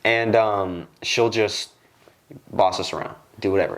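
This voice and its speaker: Young man telling a work story. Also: unhurried. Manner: animated, acts out quoted lines with jumps in pitch. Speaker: podcast host. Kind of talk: casual storytelling chat. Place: podcast studio.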